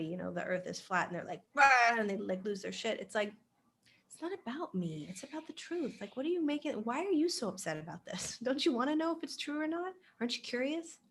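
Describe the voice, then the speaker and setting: Woman co-host, lively and expressive, laughs a lot, casual chat. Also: mid-range voice. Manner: animated, laughs often, acts out quoted voices.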